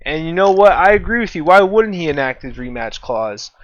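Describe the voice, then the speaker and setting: A man's voice: fairly high pitch, big pitch swings, a little fast, muffled recording. Rambling man with lots of uhs. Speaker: co-host playing a wrestling management game. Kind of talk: casual gaming chat.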